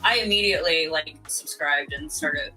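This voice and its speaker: An eager panelist chats on a gaming podcast, quick to joke and stumbling over repeated words. The voice sits mid-range and bright, with faint music behind. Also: mid-range voice, poor audio. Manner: enthusiastic, repeats words, joking. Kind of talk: casual panel chat.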